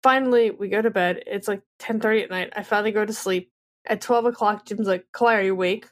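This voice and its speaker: A woman in her thirties on a casual podcast, telling a story with lively back-and-forth dialogue. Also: medium pitch, fast. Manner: animated storyteller, acts out both sides of dialogue. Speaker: podcast co-host.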